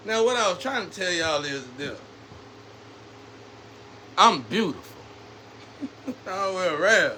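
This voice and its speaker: A high, bright-voiced man rants to his camera in street slang, preachy and animated. He drifts between scolding and telling his own story. A faint hum of ambient noise sits behind him. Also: a little slow, long pauses. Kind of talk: casual rambling monologue.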